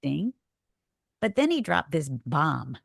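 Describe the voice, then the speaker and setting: Lively older woman telling a story. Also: normal speed, gravelly, breathy edge, no echo, clean studio sound. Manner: expressive, acts out quotes with big pitch swings. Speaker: guest. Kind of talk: animated storytelling in a podcast interview.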